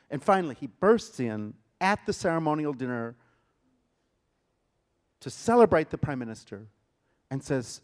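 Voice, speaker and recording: A man, a theater director, giving a lecture and retelling a story with dramatic emphasis and sudden loud bursts. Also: on the high side, big pitch swings, moderate pace, pauses often. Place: lecture hall.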